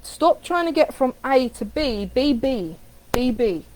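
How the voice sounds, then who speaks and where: A woman giving a casual coaching talk on affirmations, animated, repeating phrases with different inflection. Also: high-pitched, unhurried, slight background noise, low-quality recording. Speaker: spiritual coach.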